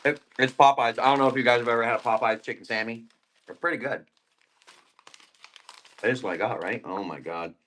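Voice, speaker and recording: A man's voice: mid-range voice, fairly quick, long pauses, fairly bright tone, a little hiss or hum. A man selling plants on a live stream, chatting casually and rambling between topics while eating. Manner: rambling, laid-back, eating while talking.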